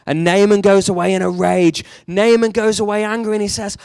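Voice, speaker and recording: A male preacher giving a sermon in a fairly high voice, telling the story with lots of animation. He drops low and quiet, then pushes out strong lines, and the sound is close and dry. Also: brisk, gravelly, few pauses, smooth, no room sound. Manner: animated storytelling, swings between hushed and emphatic.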